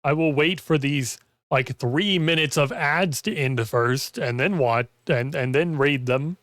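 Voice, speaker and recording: A man's voice: medium pitch, measured pace, a bit bright, dry recording, clean studio sound. A man chatting casually on a gaming stream, rambling with lots of "like" fillers and losing his voice. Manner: rambling, heavy use of "like". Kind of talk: casual chat while gaming.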